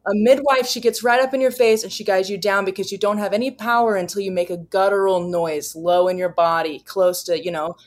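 A woman's voice: medium pitch, steady tone, fairly quick, few pauses. A woman co-hosting a podcast, talking earnestly and reflectively in casual chat, with frequent fillers. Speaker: podcast co-host.

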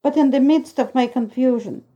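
A woman narrating a novel in the first person, reading in a steady, even storytelling way. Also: sits high, normal speed, lo-fi sound. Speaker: audiobook narrator.

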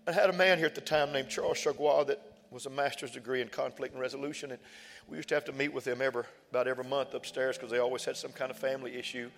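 A man's voice: mid-range voice, steady tone, racing, gravelly, a bit bright. A man, a pastor telling a personal story in a sermon with folksy, emphatic repetition. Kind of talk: sermon testimony. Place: church sanctuary. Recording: church hall reverb with faint music.

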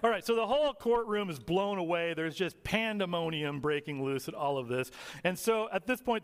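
A male pastor preaching a sermon, telling stories earnestly and slowing down to stress key words. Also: high voice, clean tone. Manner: earnest storytelling, slows for emphasis. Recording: long reverb of a hall.

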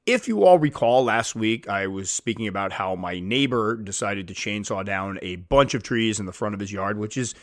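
A man's voice: fairly low pitch, lively intonation, moderate pace, few pauses, dry recording, clean studio sound. A man hosting his own podcast, talking casually and self-deprecatingly, sometimes acting out quoted voices, recorded on a podcast mic at home. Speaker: podcast host. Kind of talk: casual solo podcast talk.

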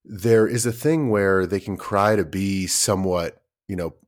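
A man in his thirties with a somewhat low voice, talking loosely on a parenting podcast. He rambles through his stories with plenty of fillers and drops the occasional curse. The tone stays easygoing and conversational throughout. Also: measured pace. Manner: swears casually. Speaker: podcast co-host. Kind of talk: casual chat.

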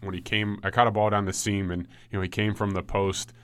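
Low smooth-voiced man telling stories. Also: fairly quick, no echo. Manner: relaxed storytelling with frequent ums and likes. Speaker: former football player guest. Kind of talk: casual podcast chat.

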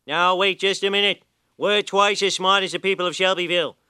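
A man's voice: high voice, steady tone, fairly quick, bright, forceful tone, clean tone, dry recording, studio quality. An eager cartoon townsman. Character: eager male small-town citizen. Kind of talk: cartoon voice acting.

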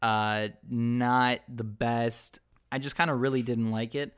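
A man's voice: mid-range voice, steady tone, slow, smooth. Opinionated young man rambling casually. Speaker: co-host reviewing a film. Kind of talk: casual chat.

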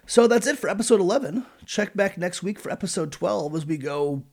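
Sarcastic, gravelly male comic narrator. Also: sits high, animated, fairly quick. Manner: sarcastic, profane. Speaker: podcast host. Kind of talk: irreverent comedic narration.

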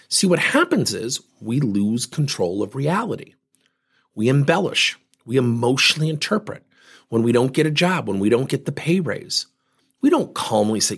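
Emphatic husky man in his fifties; swinging pitch, motivational speaker. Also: normal speed. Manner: emphatic, animated storytelling. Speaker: speaker and coach. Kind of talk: motivational talk.

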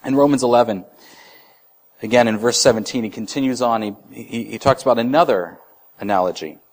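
A man's voice: mid-range voice, a little fast, darkish tone. A man in his thirties preaching a sermon in a conversational way, restarting phrases and acting out short voices. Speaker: pastor.

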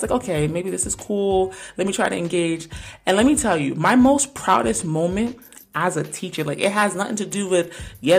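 A young adult woman speaks casually on her own podcast in a slightly low voice. She sounds earnest and conversational, often dropping in "like" and "right?" as she talks about her work as a teacher.

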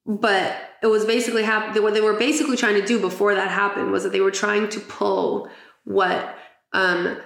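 A woman hosting a casual podcast, chatty and giggly, with plenty of fillers between her thoughts. Her voice has a gravelly fry and sits at a middle pitch, in an echoey room. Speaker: podcast host. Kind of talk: casual chat.

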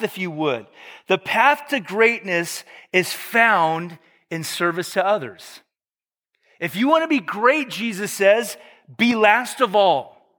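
High-voiced conversational male preacher. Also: sharp tone, long reverb tail. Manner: conversational, joking asides, self-correcting. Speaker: pastor. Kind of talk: sermon.

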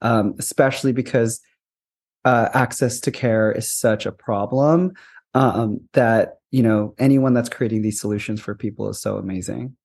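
A man's voice: fairly low pitch, moderate pace, gravelly, a little mellow. A man speaking as a podcast guest about spiritual growth, earnest, laughing often and restarting phrases. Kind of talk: conversational interview.

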